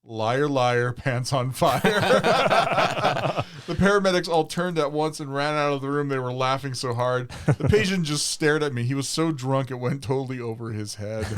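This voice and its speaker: A man's voice: mid-range voice, normal speed, clean tone. Male podcast co-host for a story-reading segment, laughs through his reading. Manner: laughs often while reading. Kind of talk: reading funny stories aloud.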